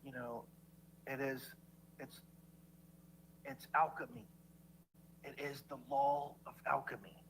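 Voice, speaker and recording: This low-quality recording, with a little hiss or hum, captures a livestreamer in played clips speaking slowly with long pauses. His mid-range, fairly bright voice shows little pitch movement as he philosophizes at viewers in a rambling rant, stammering, restarting, and swearing a lot.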